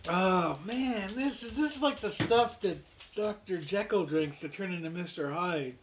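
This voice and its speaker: A man's voice: sits high, measured pace, background noise. A man from Canada co-hosting a casual beer-tasting chat, cracking goofy jokes and wordplay. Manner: joking, goofy asides and wordplay. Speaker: co-host of a beer tasting show.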